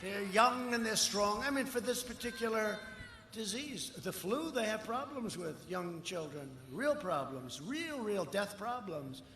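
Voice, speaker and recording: An older man speaking at a campaign rally, rambling and boastful, swinging between shouted lines and muttered asides. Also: high voice, expressive, unhurried. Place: outdoor rally. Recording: echoey outdoor rally with long reverb and faint crowd noise.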